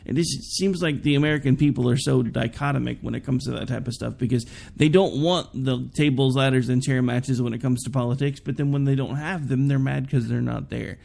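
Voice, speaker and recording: A man's voice: medium pitch, steady tone, fairly quick, gravelly, few pauses, darkish tone. A man hosting a political talk show, chatting casually and giving opinionated takes with sarcastic asides. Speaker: podcast host.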